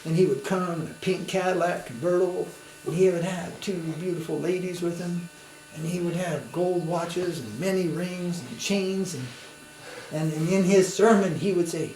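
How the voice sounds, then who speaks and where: A man's voice: fairly high pitch, vocal fry. Man giving a roomy spiritual talk. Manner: conversational, anecdotal, with tag questions. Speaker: swami lecturer. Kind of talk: spiritual lecture. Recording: roomy with faint hum.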